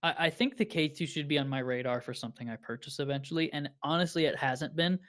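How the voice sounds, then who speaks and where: A man with a slightly raised speaking pitch chats casually on a podcast about studio microphones. He thinks out loud, often stopping and restarting his sentences before landing on a point. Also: fast talker. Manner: thinks aloud with many restarts. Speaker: podcast co-host.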